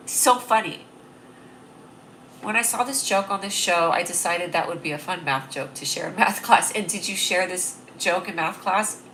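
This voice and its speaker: A young woman hosts a casual comedy livestream, talking straight into a close webcam. Her voice is bright and forceful, and she rambles cheerfully, laughing at her own jokes. A faint hiss sits under the recording. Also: lowish voice, normal speed. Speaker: livestream host.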